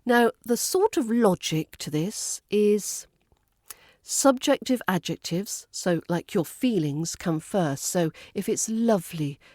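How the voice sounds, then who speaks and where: A woman's voice: mid-range voice, darkish tone, no room sound, studio quality. A woman with a Southern English RP accent, teaching a podcast lesson and modelling example phrases carefully. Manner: clear, deliberate demonstrations. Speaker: accent coach.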